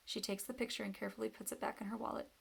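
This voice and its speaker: A woman reading a novel aloud in steady first-person storytelling. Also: mid-range voice, very fast, creaky, breathy edge. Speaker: reader.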